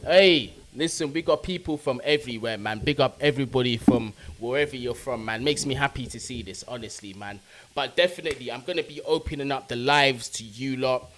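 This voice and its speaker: A young man hosting a live football fan stream, casually giving shout-outs to viewers in the chat with plenty of slang. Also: medium pitch, a little fast, slight background noise. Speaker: football fan channel host.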